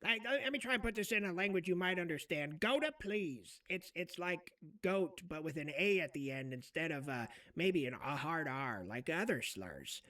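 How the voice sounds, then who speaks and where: A man's voice: on the high side, expressive, moderate pace, hardly any pauses, sharp tone, distant mic. A man joking crudely in casual live chat.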